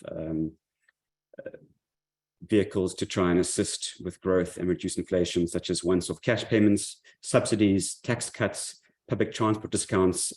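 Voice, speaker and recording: A man's voice: low-pitched, a little mellow. A man giving a monthly market update, speaking loosely with many fillers and restarts. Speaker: market commentary presenter.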